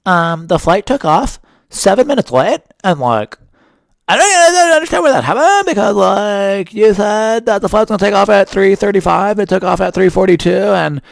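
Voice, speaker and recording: Man putting on a shrill, whining entitled customer, pitched way up. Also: expressive, moderate pace, gravelly, dry recording. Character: whiny entitled male airline customer.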